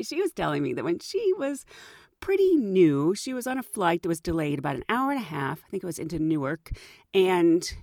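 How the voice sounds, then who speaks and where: A middle-aged woman hosting a storytelling podcast, chatty and animated and laughing often. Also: fairly low pitch, dry recording, studio quality. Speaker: podcast host.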